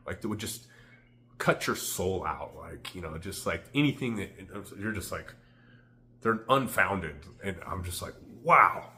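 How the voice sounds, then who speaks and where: A man's voice: lowish voice, a bit bright. A man telling a candid, rambling personal story to the camera, full of "like" fillers. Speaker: vlogger.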